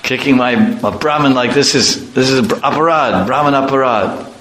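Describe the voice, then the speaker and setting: A man's voice: medium pitch, normal speed, bright, forceful tone, lightly acted. A man voicing a bold, playful young cowherd god who protects his friends, speaking in an indignant, teasing way. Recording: echoey room, faint noise.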